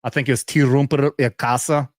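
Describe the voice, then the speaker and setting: A man's voice: mid-range voice, little pitch movement, fairly quick, no room sound, clean studio sound. A young adult man, a veteran hosting a show, ranting casually with constant swearing and frequent laughter. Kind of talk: casual profane commentary rant.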